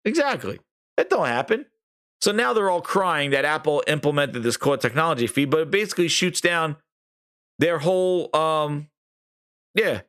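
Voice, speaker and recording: A man's voice: on the high side, big pitch swings, moderate pace, a bit bright. A man hosting a gaming podcast, ranting sarcastically, swearing and acting out mocking quotes. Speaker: podcast host. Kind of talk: ranting commentary.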